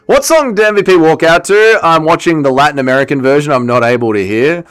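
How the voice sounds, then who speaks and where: A young man live-streaming, chatting casually and excitably while he plays, swearing and reading chat aloud. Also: fairly high pitch, quick pace, clear, resonant tone. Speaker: livestreamer.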